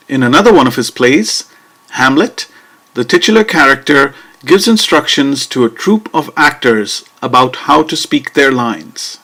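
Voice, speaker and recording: Man narrating a lesson, measured and deliberate. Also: mid-range voice, fairly bright tone. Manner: measured, deliberate reading with rhythmic emphasis. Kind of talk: scripted educational narration.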